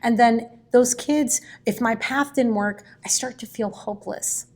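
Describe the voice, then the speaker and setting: A woman educator, a guest in a conversation, telling classroom stories in an animated and expressive way. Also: fairly high pitch, a little slow. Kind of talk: conversational storytelling.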